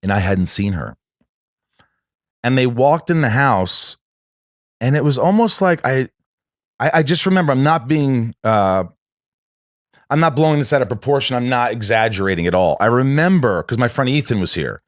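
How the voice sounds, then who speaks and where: A man's voice: mid-range voice, expressive, normal speed, pauses often, no echo. A man tells a story in a loose, rambling way, stopping and restarting his sentences often. His voice sits in a middle range and sounds dry and close. The talk is a casual podcast chat. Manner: rambling, with many restarts and acted-out quotes. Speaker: podcast guest.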